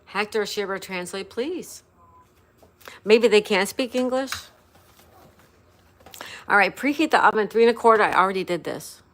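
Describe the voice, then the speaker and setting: A woman hosting a casual baking livestream, softly greeting viewers by name and talking through a recipe. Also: medium pitch, normal speed, long pauses. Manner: soft, chatty, reads viewer names aloud. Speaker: livestream host. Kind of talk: casual live-stream chat while baking.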